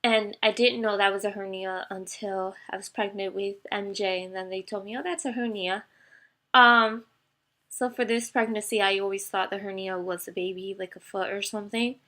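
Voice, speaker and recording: A young woman speaks straight to her viewers in a casual storytime. Her voice wavers as she holds back tears, and she often stops and restarts with "um" and "like". Her pitch sits in a middle range for a woman. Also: steady tone, bright, forceful tone. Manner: tearful, halting, many fillers. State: emotional, close to crying. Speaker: vlogger. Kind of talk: personal storytime to camera.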